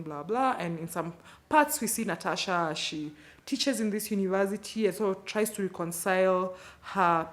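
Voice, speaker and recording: Chatty Kenyan woman reviewing books. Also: fairly low pitch. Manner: chatty, playful, slangy asides. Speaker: book channel host. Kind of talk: casual book wrap-up video.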